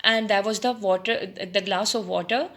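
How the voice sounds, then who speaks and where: A woman teacher reading a story aloud to students, pausing deliberately to define words and quiz them. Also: medium pitch, fairly bright tone.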